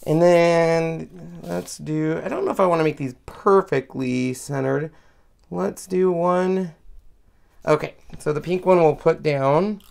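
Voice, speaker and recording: Creaky-voiced man talking through a craft project. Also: a little high, slow pace, darkish tone. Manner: chatty step-by-step explaining, thinking aloud. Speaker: craft host demonstrating card making. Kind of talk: live craft tutorial.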